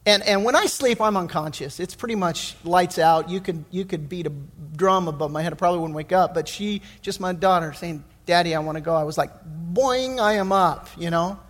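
A middle-aged man preaching a sermon as pastor, telling stories in a folksy, animated way with many restarts. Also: high-pitched, moderate pace, few pauses, in a large hall. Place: church sanctuary.

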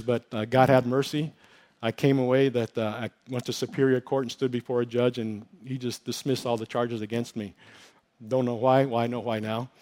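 A man's voice: mid-range voice, darkish tone. Earnest man preaching his testimony. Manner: earnest, emotional storytelling with many fillers. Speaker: pastor. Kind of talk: testimony sermon.

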